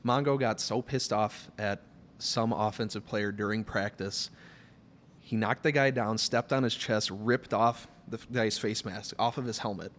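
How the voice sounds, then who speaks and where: A man on a studio podcast as a guest, telling long stories in a rambling, animated way with plenty of fillers. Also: on the low side, a little slow, slight background noise. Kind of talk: casual storytelling chat.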